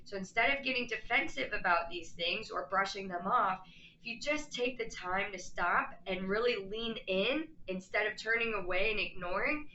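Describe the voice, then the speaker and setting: A woman's voice: medium pitch, normal speed, bright, forceful tone, roomy sound, muffled recording, a little hiss or hum. A woman life coach talking earnestly and casually to camera, acting out quoted lines as she explains.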